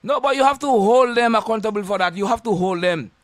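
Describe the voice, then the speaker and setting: Very high-pitched Saint Lucian man ranting. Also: fast talker, no echo, studio quality. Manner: confrontational, insulting, repetitive warnings. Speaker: radio host. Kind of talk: on-air rant.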